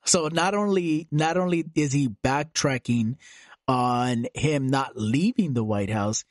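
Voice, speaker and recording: Casual political podcast talk from a man who rambles through his points with plenty of "um" and "like," his voice sitting at an ordinary middle pitch. The sound is close and dry, with no room echo. He drops the occasional swear word without ceremony. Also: slow. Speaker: podcast host.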